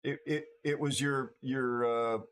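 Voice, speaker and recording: A man hosts a livestream, worn out from a night without sleep. He talks casually to his viewers at a middling pitch, halting and restarting, repeating words as he goes. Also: fairly even intonation, fairly bright tone, smooth. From United States. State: tired from no sleep. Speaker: livestream host.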